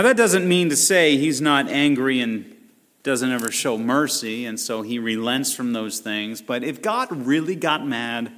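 A man preaching a sermon, animated and conversational, acting out voices and asides as he teaches. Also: mid-range voice, big-room sound. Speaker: pastor.

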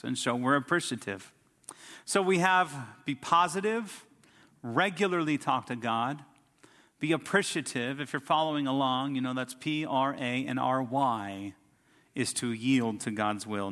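A middle-aged pastor preaches a sermon, telling stories and building emphatic lists that swell into rising outbursts. His voice is medium-pitched with a fairly bright tone, heard in a big-room sound.

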